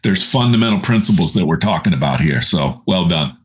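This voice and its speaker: A man's voice: deep voice, lively intonation, brisk. A middle-aged man hosting a podcast over a video call, asking long, enthusiastic questions that wander a bit. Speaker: podcast host. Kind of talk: casual podcast interview.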